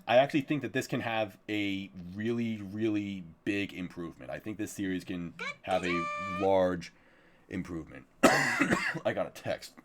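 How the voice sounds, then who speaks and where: A man streaming live, chatting casually about upcoming anime, swearing freely and laughing often. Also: lowish voice.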